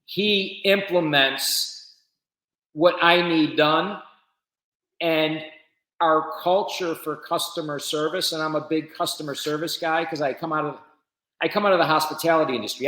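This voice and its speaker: A man guest on a podcast, telling a business story in an animated, casual way. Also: on the high side, normal speed, roomy sound, poor audio. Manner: animated storyteller with shifting loudness.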